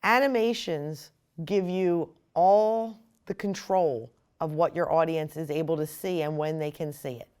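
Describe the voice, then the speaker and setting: A woman explaining software step by step in a screen-recorded tutorial. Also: sits low, a little slow, smooth. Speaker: software instructor.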